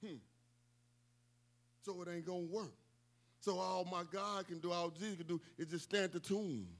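A man preaching a sermon with folksy asides, building to emphatic, repeated shouted lines. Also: high-pitched, fairly even intonation, normal speed. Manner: emphatic, repetitive call-outs, bursts of shouting.

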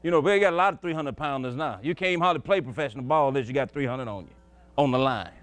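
A man's voice: medium pitch, fast talker. A male preacher telling a folksy story in a sermon, chuckling and emphatic as he goes.

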